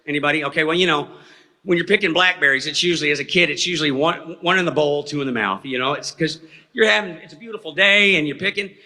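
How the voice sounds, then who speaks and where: Before an audience in a hall, an eyewitness speaker rambles through a folksy story, checking in with "okay?" again and again. His pitch is fairly high, he talks fast, and his tone is sharp. The hall gives the recording a reverberant sound.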